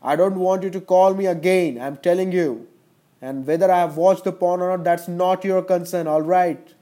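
A man's voice: high-pitched, steady tone, normal speed, dark tone. A man on a phone call, indignantly protesting and repeating angry demands. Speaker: prank call target. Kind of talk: heated phone argument.

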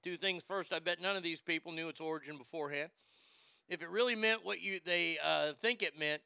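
Gravelly, bright-voiced male host ranting. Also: fairly high pitch, fairly quick, no room sound, studio quality. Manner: profane, stammers on repeated words. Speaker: sports show host. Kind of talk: ranting monologue.

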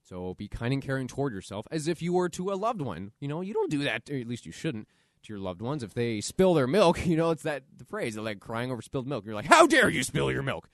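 A man's voice: mid-range voice, very animated, fast, no echo, clean studio sound. A man hosting a solo podcast, talking earnestly and conversationally about self-compassion as motivational advice. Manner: earnest, conversational, acts out quoted inner voices. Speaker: podcast host.

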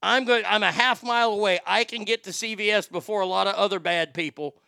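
Male host, profane rambling comic rant, tense bright voice, dry close sound. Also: sits high, a little fast, vocal fry, clear, resonant tone, no echo. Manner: crude, rambling, stammers and repeats words. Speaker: show host.

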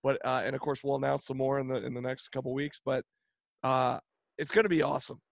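A man co-hosting a podcast, upbeat and hyping an upcoming show, his voice worn and raspy, with many fillers. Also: medium pitch, fairly even intonation, fast talker, dry recording. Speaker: podcast co-host. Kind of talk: casual podcast chat.

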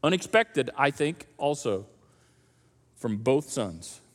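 A man preaching a sermon in a conversational, animated storytelling manner. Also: medium pitch, slow, big-room sound. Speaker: pastor. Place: church auditorium.

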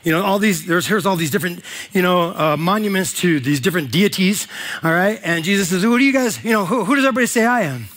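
A man's voice: sits high, lively intonation, fast talker, a bit bright. A man preaching a sermon as pastor, retelling scripture in casual slang with voiced asides.

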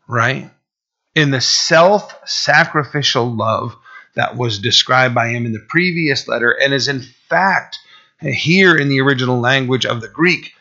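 A man's voice: mid-range voice, pushed and bright, dull audio. A man preaching a sermon to his church, talking in a conversational way that climbs to emphatic peaks. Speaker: pastor.

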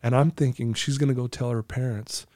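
A man's voice: medium pitch, steady tone, brisk, darkish tone, no room sound, studio quality. A man in his fifties, a recovery coach, telling a personal story as a podcast guest in an earnest, emotional way, laughing easily.

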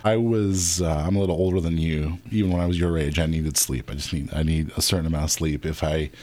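A middle-aged man hosts a relaxed podcast interview in a deep, low voice. He rambles a little and restarts his sentences as he talks. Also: fast talker, no room sound. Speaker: podcast host. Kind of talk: casual interview.

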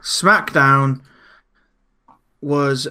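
A man's voice: mid-range voice, very slow, sharp tone, clear, resonant tone. A man co-hosting a casual podcast, recapping shows and often breaking into laughter. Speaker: podcast co-host. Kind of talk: casual chat.

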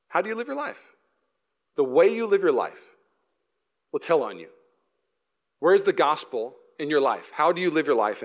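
A young man preaching in a church, racing through a funny story at a fast clip. His voice sits a bit high and jumps around as he acts out other voices. He drops low and soft when he turns serious. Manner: animated storytelling with acted-out voices and laughs. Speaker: pastor. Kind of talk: sermon. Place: church auditorium.

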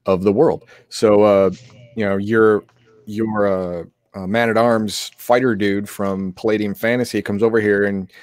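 A man co-hosting a tabletop game live stream in casual chat, halting with frequent restarts, somewhat sick. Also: lowish voice, flat delivery, a little mellow, dry recording.

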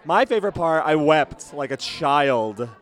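A man with a slightly high, worn-out voice hosts a loose podcast chat at a busy venue after a show. He is excitable and theatrical, and laughs between remarks. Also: unhurried. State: voice worn out after a night of singing. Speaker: podcast host. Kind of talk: casual chat at a concert.

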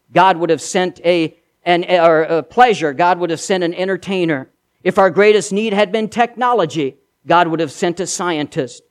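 A man delivering a Christmas sermon as pastor, emphatic and built on repeated refrains. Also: high-pitched.

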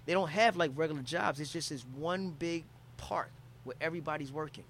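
Philly man, casual storyteller, curses freely, acts out quotes, slightly high voice, faint room ambience. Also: a little fast, a little hiss or hum. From Philadelphia. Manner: profane, animated storytelling with acted-out quotes. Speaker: comedian telling a travel story.

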